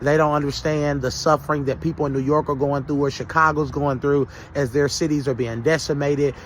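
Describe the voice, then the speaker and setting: A man's voice: on the high side, steady tone, brisk, a little hiss or hum. A man giving heated political commentary, often stumbling and repeating words.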